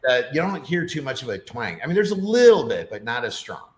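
A man's voice: medium pitch, big pitch swings, fast. Chatty middle-aged man in an echoey room. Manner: chatty storyteller with many fillers. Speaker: podcast guest. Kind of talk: casual chat.

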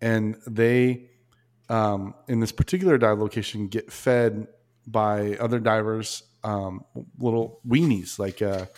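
A man's voice: fairly low pitch, steady tone, a little mellow. Joking man hosting a casual chat. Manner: joking, teasing, halting restarts. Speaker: podcast host.

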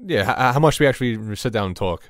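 Laid-back guy on a podcast, lowish voice that jumps around a lot. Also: lively intonation, fast. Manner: laid-back, swears casually. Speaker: podcast co-host. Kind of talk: casual podcast chat.

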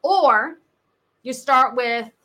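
Her voice sits high and she speaks very slowly. She's an American sales coach in her thirties, telling stories conversationally in a podcast interview, and she brings energy by acting out the people quoted in them.

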